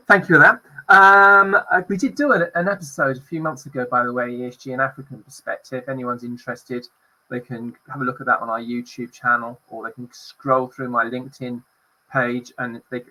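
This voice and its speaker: This man has a slightly high voice with a sharp, forceful edge. He hosts a panel discussion and moderates in a friendly, loose and chatty way. He speaks over a video call. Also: poor audio. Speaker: podcast host.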